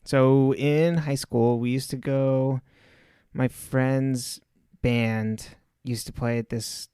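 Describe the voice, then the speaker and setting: A man's voice: mid-range voice, fairly even intonation, slow pace, mellow, clear, resonant tone, no echo, clean studio sound. Laughing, rambling male podcast co-host. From Southern California. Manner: rambling anecdotes, laughs often. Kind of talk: casual chat recapping a TV episode.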